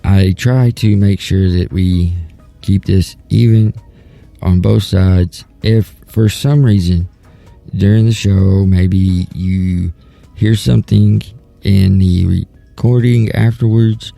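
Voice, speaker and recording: A man's voice: low voice, fairly even intonation, slow pace, vocal fry, dark tone, no room sound, soft background music. A man in his thirties hosting a talk show, giving a casual, rambling and earnest monologue that often restarts its thoughts. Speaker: podcast host.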